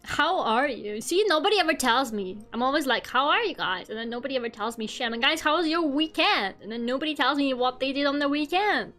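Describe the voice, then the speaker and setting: A woman's voice: high voice, animated, a little fast, hardly any pauses, a bit bright, soft background music. A young woman streaming from home, chatting casually with her viewers and laughing at herself often. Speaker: VTuber streamer.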